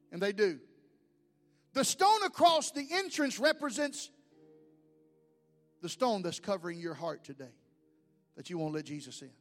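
A pastor delivers a sermon in a high, ringing voice, rising to shouts and dropping to near whispers. His words roll through a large church with a long echo, and faint music plays beneath. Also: animated, moderate pace, pauses often. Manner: dramatic preacher, swinging from shouts to hushed whispers. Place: church sanctuary.

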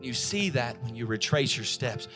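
A male pastor preaching a sermon with emphatic delivery, repeating phrases and swinging from loud, raised lines to soft, quiet ones. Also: medium pitch, animated, normal speed, soft background music. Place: church service.

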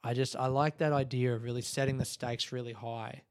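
Speaking a little fast with a flat delivery, this mid-range male voice is captured dry with clean studio sound. As a podcast host, he tells a casual story laced with swearing and laughter, voicing the people he quotes.

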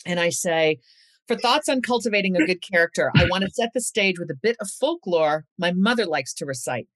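A woman in her fifties, an author being interviewed, who chats and reads from her book with expressive shifts in pace. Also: lowish voice, no room sound. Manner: expressive, slows down and speeds up for emphasis. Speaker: author and guest. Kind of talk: interview chat and reading from her own book.

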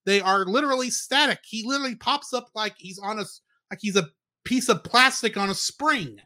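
Bright, high-voiced male podcast co-host. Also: brisk, no room sound. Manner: explanatory, nitpicking detail. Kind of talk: casual movie review chat.

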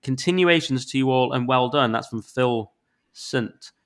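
A man's voice: medium pitch, measured pace. A man with a Northern English accent, a podcast co-host in casual chat, ranting about listener reviews in an exasperated, sweary way while getting over the flu. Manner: sweary, exasperated, animated rants with sudden loud spikes. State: recovering from flu.

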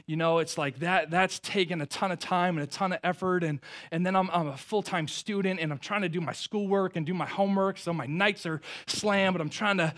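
A man, preaching a sermon earnestly, stumbling over restarts, swelling with feeling and then dropping soft. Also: sits high, fairly quick, hardly any pauses. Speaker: pastor.

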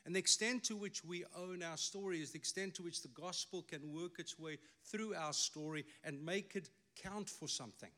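Bright-voiced South African preacher. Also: male voice, high voice, moderate pace, few pauses. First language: Afrikaans. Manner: emphatic preaching with wry asides. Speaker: pastor. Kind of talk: sermon.

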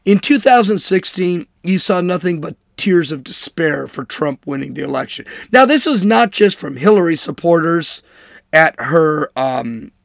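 A man's voice: fairly high pitch, lively intonation, a little slow, gravelly, no room sound, clean studio sound. A man hosting a political commentary show, talking in an emphatic, sarcastic monologue and mocking with air quotes. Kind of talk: opinionated monologue.

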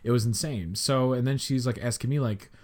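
A man's voice: mid-range voice, a little fast, a little mellow. A young man from the Chicago area hosting a podcast, telling a story in a rambling, casual way full of fillers. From Chicago area, United States. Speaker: podcast host.

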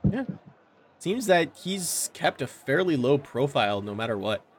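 Relaxed man narrating as game master. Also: mid-range voice, measured pace, slight background noise. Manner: relaxed, descriptive, with filler words. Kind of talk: narrating a tabletop game over a call.

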